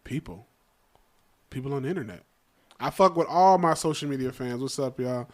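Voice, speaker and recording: A man's voice: medium pitch, normal speed, a little mellow. A man, a comedian and podcast co-host, talking in loose, profane street slang with emphatic banter.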